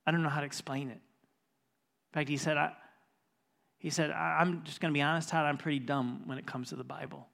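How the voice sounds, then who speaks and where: Earnest pastor man, slightly high voice. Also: fairly even intonation, fairly quick, creaky, long pauses. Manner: retells a conversation, voice dropping to a hush then rising intense. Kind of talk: sermon storytelling. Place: church.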